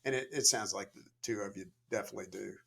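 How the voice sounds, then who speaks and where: Middle-aged man telling relaxed stories. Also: on the low side, quick pace, gravelly, breathy edge. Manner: storytelling, relaxed, frequent "you know" fillers. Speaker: guest, leadership coach. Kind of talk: conversational podcast interview.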